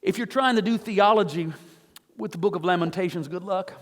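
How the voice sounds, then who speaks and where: A man's voice: high voice, fairly quick, long reverb tail. A male pastor preaching a sermon, earnestly reading scripture aloud with rising emotion. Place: church sanctuary.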